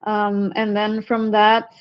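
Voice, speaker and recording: A woman from Sweden with a Swedish accent, a herpetologist talking casually as an interview guest, chatty and quick to laugh. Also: mid-range voice, completely flat delivery, clear, resonant tone, highs cut off. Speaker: guest, herpetologist and venomous snake keeper.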